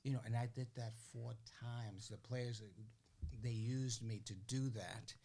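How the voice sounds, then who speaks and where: An older man, a guest on a podcast, telling stories in a casual, animated way. He acts out the voices of the people he quotes and keeps asking "you know what I'm saying?". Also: medium pitch, unhurried. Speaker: interview guest. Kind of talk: casual storytelling.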